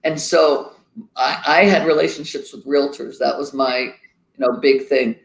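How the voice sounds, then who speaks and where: A middle-aged company founder appears as a guest in a casual interview, telling folksy anecdotes complete with quoted dialogue. His medium-pitched voice is creaky, fairly even in intonation and a little slow, and the room sounds echoey.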